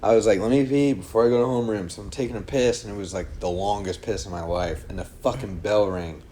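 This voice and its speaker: A man's voice: on the low side, fairly even intonation, quick pace, warm tone, a little hiss or hum. A young man casually telling a long, rambling story to friends on a podcast, acting out quotes and swearing freely. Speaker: podcast co-host.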